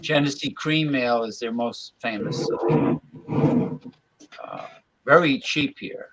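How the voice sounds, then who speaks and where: A man's voice: medium pitch, slow pace, gravelly, background noise. Easygoing chatty man on a podcast. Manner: easygoing, chatty, repeats himself. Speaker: podcast co-host. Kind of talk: casual chat.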